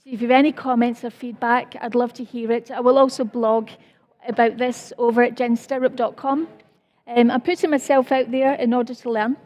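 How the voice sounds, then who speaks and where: High-voiced Scottish woman giving a talk. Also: level tone, normal speed, a little mellow, muffled recording. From Scotland. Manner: earnest and apologetic, self-deprecating asides. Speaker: conference speaker. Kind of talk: conference presentation.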